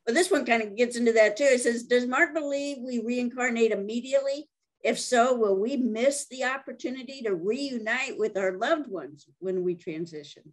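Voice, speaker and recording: A woman host reacting briefly, then reading out an audience question at a brisk pace. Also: on the high side.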